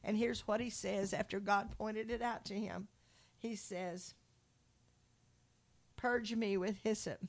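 A woman's voice: mid-range voice, slow pace, long pauses. Woman retelling a Bible story. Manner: animated storytelling, acts out quotes. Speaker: Christian speaker. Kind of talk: conversational Bible teaching.

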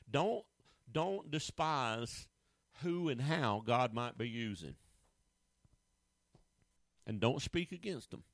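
A middle-aged man delivers a sermon, punching key words and firing rhetorical questions in a plain, folksy manner. His voice sits at an ordinary male pitch and sounds close and dry, with almost no room around it. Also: no room sound. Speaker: pastor.

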